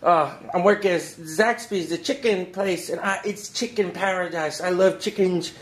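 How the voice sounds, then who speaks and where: A man hosting a drawing tutorial from home, talking in an excitable, rambling, hyper way. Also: high voice, normal speed. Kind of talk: casual drawing lesson. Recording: echoey room.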